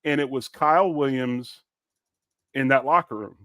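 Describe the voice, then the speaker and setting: In clean, echo-free studio sound, a male podcast co-host chats casually about sports. His mid-range voice is a bit bright and moves at a moderate pace, and he turns passionate and emphatic, doubling up words as he gets fired up.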